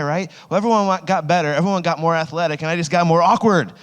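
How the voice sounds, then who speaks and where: A slightly high, clean male voice moves at a quick pace: a youth pastor in his thirties recounting a rambling, self-deprecating story during a sermon, full of "like" fillers. Two stage microphones capture him in a large, reverberant hall with an audience.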